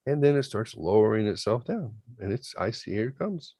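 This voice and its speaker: A man with a lowish voice telling a story casually and swearing freely. His delivery is animated, jumping from loud to hushed. The sound is dry and close, with no room echo. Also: moderate pace, creaky, few pauses. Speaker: podcast host.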